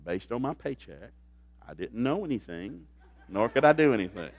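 A middle-aged man preaching a humorous sermon on marriage, folksy and joking, swinging from quiet asides to loud bursts. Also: medium pitch, sing-song, normal speed. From grew up in a blue-collar factory family.

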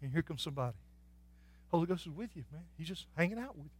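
Male pastor, high-pitched, folksy preaching from hushed to shouting. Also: animated, fast. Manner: folksy, swings from soft and low to loud and shouting. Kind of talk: sermon.

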